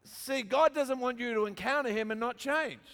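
In a large hall with long reverb, an Australian pastor preaches to his congregation in a high-pitched, somewhat bright voice at normal speed. His sermon blends humorous stories with emphatic repetition that builds.

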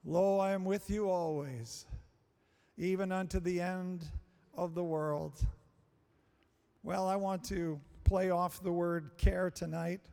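A male preacher delivering a sermon, slow and emphatic, repeating phrases for stress. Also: high voice, steady tone, gravelly, warm tone, clean tone. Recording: long hall reverb.

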